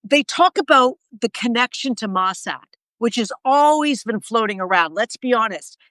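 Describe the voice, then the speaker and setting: A woman's voice: on the high side, expressive, normal speed, a bit bright, dry recording. A woman co-hosting a casual live conversation, talking in an emphatic, chatty way and checking her notes. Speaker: co-host.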